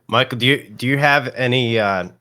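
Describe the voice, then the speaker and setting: A man hosting a podcast, asking the guest a question in a searching, halting way. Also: mid-range voice, pushed and bright, dry recording, clean studio sound. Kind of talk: interview questions.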